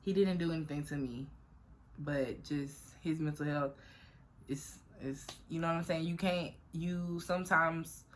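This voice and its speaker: A woman's voice: low voice, steady tone, a little slow, noisy background. A young woman telling a personal story to camera in a chatty, profane way, often addressing viewers as y'all. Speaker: vlogger.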